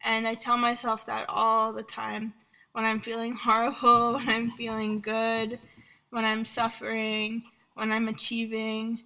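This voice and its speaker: Bright, gravelly-voiced woman telling a story. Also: fairly high pitch, monotone, a little slow, poor audio. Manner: laughs often, storytelling. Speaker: podcast guest. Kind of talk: casual interview chat.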